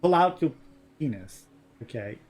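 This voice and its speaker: Man, let's play host, crude jokey commentary, lively voice that rises and falls. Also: fairly high pitch, unhurried. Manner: joking, crude, laughs often, talks back at the game. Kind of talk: casual gaming commentary.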